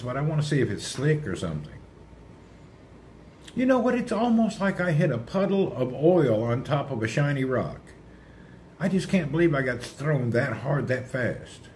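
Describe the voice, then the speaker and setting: A man chatting casually on a livestream, rambling and answering his viewers' comments out loud. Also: mid-range voice, a little hiss or hum.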